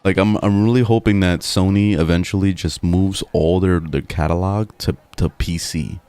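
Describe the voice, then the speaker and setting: Deep-voiced young guy, laid-back gamer chat. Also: steady tone, moderate pace, a little mellow, smooth, no room sound. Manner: laid-back, rambling, swears freely. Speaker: gaming streamer. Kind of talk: casual chat over gameplay. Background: faint game music.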